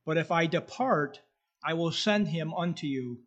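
Earnest preacher man, higher voice. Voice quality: whistling tooth. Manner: slow, earnest delivery, reading scripture aloud. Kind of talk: sermon.

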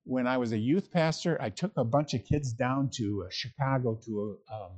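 Middle-aged guy pastor, kinda husky voice, loose chatty sermon, stops and restarts a lot. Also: mid-range voice, moderate pace, darkish tone. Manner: informal, reflective, chuckling asides, frequent restarts. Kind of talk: conversational sermon.

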